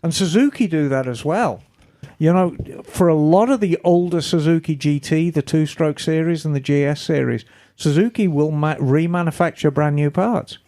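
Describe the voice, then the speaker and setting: A woman hosting a podcast, chatting casually and reading listener emails in a lively, storytelling way. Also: low-pitched, moderate pace. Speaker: podcast host.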